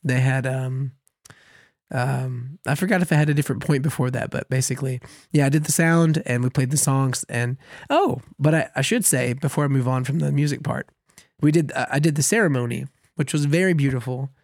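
A man co-hosting a podcast, telling a long story in a casual, animated way, laughing at himself often. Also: medium pitch, fairly quick, gravelly, dry recording, clean studio sound. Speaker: podcast co-host.

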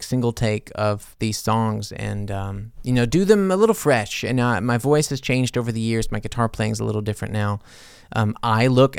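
A man's voice: medium pitch, vocal fry, clean tone, no echo, clean studio sound. A man hosting a podcast as a musician, rambling casually with many fillers and self-corrections. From United States. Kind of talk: casual chat.

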